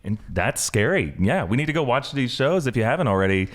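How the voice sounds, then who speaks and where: A man's voice: mid-range voice, sing-song, fairly quick. A man hosting a casual pop-culture chat show, steering the talk in an easygoing way. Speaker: show host.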